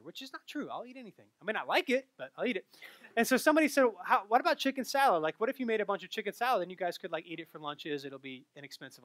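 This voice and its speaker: Bright high-voiced man preaching. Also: no room sound. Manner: animated storytelling, rising loud at punchlines. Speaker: pastor. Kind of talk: sermon with personal stories.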